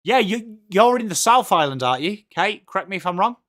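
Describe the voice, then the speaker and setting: English male streamer, friendly chatter, calls everyone mate, slightly higher pitch. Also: animated, a little fast, a bit bright. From England. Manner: chatty, greets viewers by name, says mate a lot. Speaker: livestream host. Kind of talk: casual live watchalong chat.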